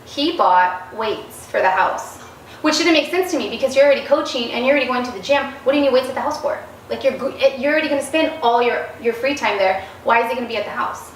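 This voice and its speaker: A woman's voice: fairly high pitch, quick pace. A woman guest in a casual interview, telling stories animatedly and acting out the quoted dialogue. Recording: roomy, distant mic, faint noise.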